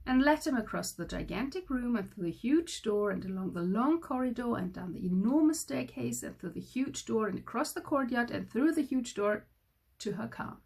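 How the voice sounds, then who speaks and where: A woman teacher reading a children's story aloud, slowly and carefully. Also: on the high side, animated, creaky, darkish tone, breathy edge. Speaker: school teacher.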